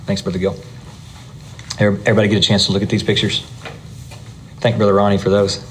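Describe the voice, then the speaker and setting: A man's voice: on the low side, slight background noise. A man teaching a Bible class in a conversational style. He often asks the class questions and checks in with them.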